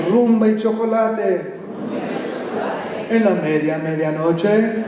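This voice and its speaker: Poet guy doing a slow playful reading, mellow voice, far off in a big echoey hall. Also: high-pitched, noisy background. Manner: playful, switches between English and Spanish. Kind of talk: live poetry reading with banter.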